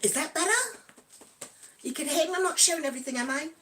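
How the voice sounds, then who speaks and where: A cheerful woman in her sixties chats on a live stream with a high, bright voice. She giggles between lines and greets her viewers one by one in a friendly, rambling way. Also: quick pace. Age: 60s. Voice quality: giggly, breaks into snatches of song. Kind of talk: casual live-stream chat.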